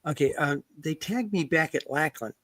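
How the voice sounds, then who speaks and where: Man, casual interview, halting delivery full of fillers, dry remote call sound. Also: fairly high pitch, lively intonation, a bit bright, no echo. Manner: halting, many fillers and restarts.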